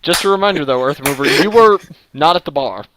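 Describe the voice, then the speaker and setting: A man narrating a tabletop game as game master, in a relaxed, matter-of-fact way. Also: on the high side, brisk, background noise.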